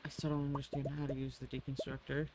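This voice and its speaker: A woman's voice: extremely low pitch, little pitch movement, quick pace, heavy background noise. A woman streamer chatting casually while playing a farming game, swearing freely and cooing at her in-game animals. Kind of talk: casual gameplay chat.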